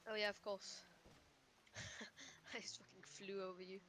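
Casual, laughing gamer chat from a young man with a Danish accent. His voice is bright and forward, and faint noise sits under the recording. He swears freely and drops Danish words between the English. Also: sits high, steady tone, unhurried.

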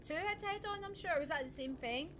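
A woman's voice: very high voice, expressive, a little fast, noisy background. A woman streaming a game live, chatting casually with viewers and friends, laughing often and a little scattered. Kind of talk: casual live-stream chat while gaming.

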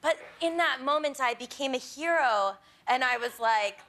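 Woman, thirties, high voice, bright tone, animated and giggly, comic anecdote on a talk show. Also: normal speed. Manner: animated, giggly, acts out quotes. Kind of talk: comic storytelling. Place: TV studio with audience.

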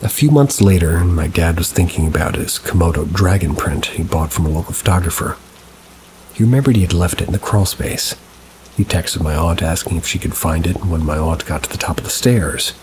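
Deep-voiced man narrating over rain. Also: a little fast, slight background noise, rough recording. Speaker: story narrator. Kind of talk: reading paranormal stories aloud. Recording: steady rain sounds behind the voice. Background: rain ambience.

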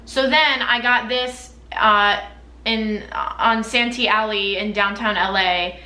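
A woman's voice: mid-range voice, steady tone, takes it slowly, bright, forceful tone, reverberant. A young woman chatting casually and candidly about her perfumes for a vlog, full of fillers. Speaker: beauty vlogger. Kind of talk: casual chat.

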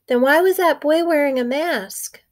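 A woman voicing a curious small boy who blurts out eager questions in a high voice. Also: a little slow.

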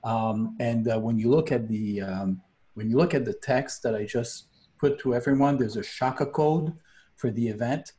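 A man's voice: medium pitch, normal speed. Upbeat man on a video call. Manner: upbeat, excitable. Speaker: guest, app developer. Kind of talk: casual video call chat.

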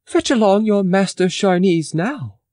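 A man's voice: sits high, expressive, measured pace, darkish tone, no echo, studio quality, voice pushed up. A male audiobook reader voicing a proud, gawky young country lad who answers eagerly. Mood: eager earnest. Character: gawky proud country youth, newly dressed up.

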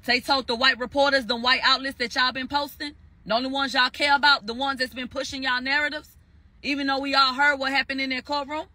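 A man's voice: extremely high pitch, flat delivery, brisk, pushed and bright, no room sound. A man giving a heated spoken recap, emphatic and profane, repeating phrases for stress. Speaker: commentator recounting a court verdict.

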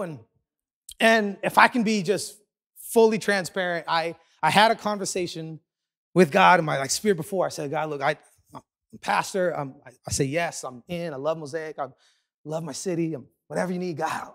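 A man preaching a sermon as a pastor, telling a personal story with animated, self-deprecating humor and quick asides. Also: on the high side. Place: large church auditorium.

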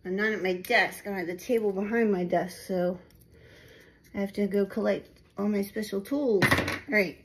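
A woman's voice: mid-range voice, steady tone, moderate pace, a little hiss or hum, low-quality recording. A woman, chatting to her viewers as she works on a resin craft project at her home table, talking casually and poking fun at herself. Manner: chatty, self-deprecating, talks to viewers while working. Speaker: resin craft video maker. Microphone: phone camera.

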